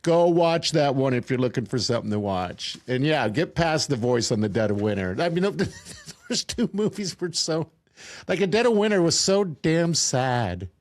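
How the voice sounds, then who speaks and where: A man's voice: a little high, very animated, moderate pace, no room sound. A man co-hosting a podcast, chatting casually and rambling with fillers, laughing often. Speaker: podcast co-host. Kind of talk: casual chat.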